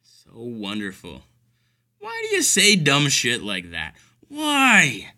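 A man's voice: medium pitch, huge pitch swings, slow, pushed and bright. A man delivering an exasperated, profane comedic rant full of sarcasm. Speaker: caregiver telling stories.

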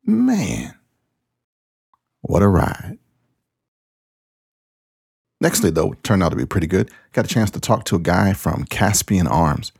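A man hosting a podcast, telling a story in a casual, animated way and acting out the dialogue. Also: low voice, fairly quick, gravelly, few pauses, breathy edge, no echo, studio quality. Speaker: podcast host.

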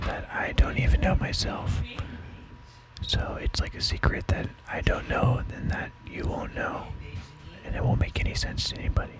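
A man doing a whispered ASMR segment, rambling and self-mocking. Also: low-quality recording. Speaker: podcast co-host.

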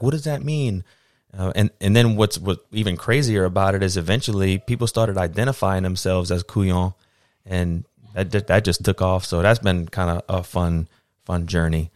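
A man's voice: sits low, moderate pace, dry recording, studio quality. A man, chatting easily as a guest and telling stories about his family and his videos. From South Louisiana. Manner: easygoing storyteller, animated when quoting others. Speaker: guest, TikTok creator. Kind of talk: casual conversation.

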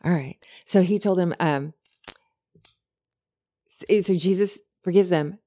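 A woman co-hosting a podcast, chatting casually and retelling a story with many animated quotes. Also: on the low side, measured pace. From lived in California. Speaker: podcast co-host.

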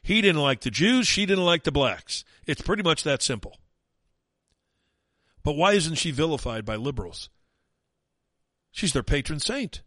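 A man's voice: on the high side, very animated, a little slow, pauses often, a bit bright, no echo. A man hosting a talk radio show, delivering an opinionated, mocking and emphatic monologue.

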